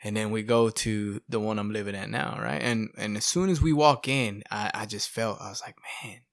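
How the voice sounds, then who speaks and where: A man sharing his testimony in a casual, animated storytelling way, often asking "right?" and "you know". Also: lowish voice, moderate pace, no room sound, studio quality. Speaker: podcast guest sharing testimony.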